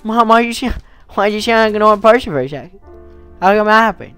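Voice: mid-range voice, lively intonation, brisk, fairly bright tone, clean tone, dry recording, soft background music, close to an everyday voice. A gamer voicing a whiny, sulky child monster in a raised, pouting voice. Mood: whining.

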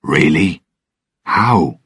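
Worried old ship's mate, read by a guy, urgent, barking orders, husky. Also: extremely low pitch, expressive, drawn-out words, fairly bright tone, dry recording, clean studio sound, heavily acted.

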